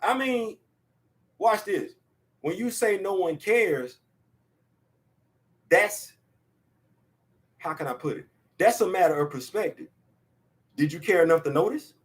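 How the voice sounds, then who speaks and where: Man, high-pitched voice, excitable casual pop-culture host, shouts and laughs. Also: measured pace, long pauses.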